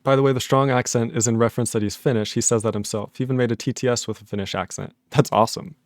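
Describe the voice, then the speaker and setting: A man's voice: mid-range voice, steady tone, very fast, no echo, clean studio sound. A man on a casual live stream, reading chat messages aloud, laughing often and puzzled by the jokes.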